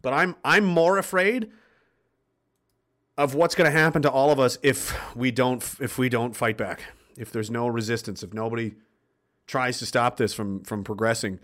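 Steady and fairly bright, this man's mid-range voice moves at a moderate pace as he runs a livestream. Reading the chat, he rants about politics to his viewers, swearing bluntly and with passion.

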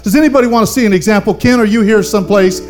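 A man's voice: sits high, rapid-fire, a little mellow, faint music behind. An older man, a pastor, preaching a fervent sermon and calling on the congregation for amens. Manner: fervent preaching with call-and-response.

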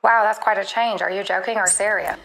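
A woman's voice playing an earnest, literal chatbot assistant in a comedy skit, polite and quick to apologize. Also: medium pitch, fairly even intonation, vocal fry, a bit bright, rough recording.

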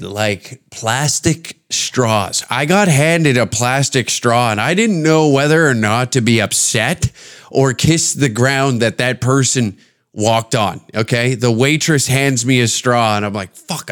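A man's voice: mid-range voice, a bit bright. A man, a podcast host and stand-up comedian, riffing in a profane, rambling, jokey comedic monologue. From Canada.

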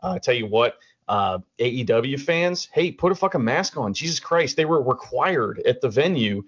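A man's voice: medium pitch, lively intonation, moderate pace, a bit bright, husky. A man co-hosting a podcast in casual chat, ranting with lots of profanity and restarts. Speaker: podcast co-host. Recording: dull lo-fi audio.

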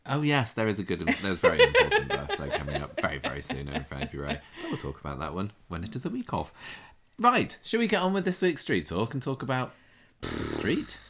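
Low-voiced, animated man. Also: a little fast. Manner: playful, laughs often, animated. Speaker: podcast co-host. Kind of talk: casual chat.

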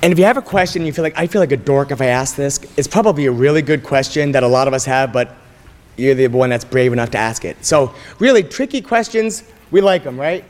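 A man's voice: medium pitch, animated, quick pace. A man moderating a church family forum, chatty and self-deprecating as he hands around a microphone. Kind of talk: casual church forum hosting. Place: church sanctuary. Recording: reverberant hall, faint noise.

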